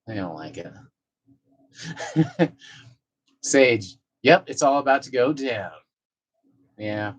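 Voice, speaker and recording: A man's voice: medium pitch, lively intonation, slow, long pauses, low-quality recording. A man on a casual live stream, reading viewer messages aloud and talking to his cat in a loose, profane way. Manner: chats to his cat between comments.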